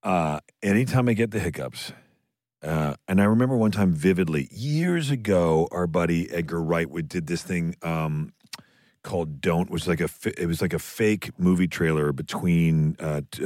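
A man co-hosting a podcast, telling stories in animated, casual chat. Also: extremely low pitch, dry recording, studio quality. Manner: animated storyteller, swears, laughs often. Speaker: podcast co-host.

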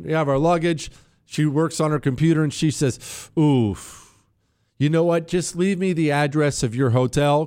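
A man telling a travel story on air, animated and sarcastic, swinging between loud and quiet. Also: fairly high pitch. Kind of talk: storytelling monologue.

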